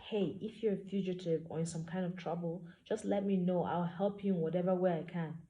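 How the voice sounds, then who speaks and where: Blunt, exasperated young woman with a mellow, low voice, read by a woman. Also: moderate pace, highs cut off, natural voice. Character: spirited, suspicious young woman.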